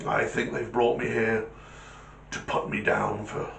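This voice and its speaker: A man's voice: lowish voice, flat delivery, unhurried, vocal fry, fairly bright tone, reverberant, slight background noise. A man voicing a dutiful male Alsatian guard dog who talks in a clipped, formal, soldierly way. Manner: clipped, formal, keeps saying sir.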